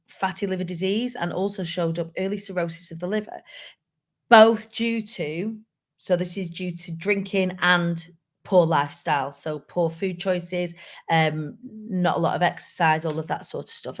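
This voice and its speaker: A woman with a fairly low voice, speaking at normal speed, hosts a live show. She talks candidly and chattily to viewers in casual live-stream style and reads out their comments.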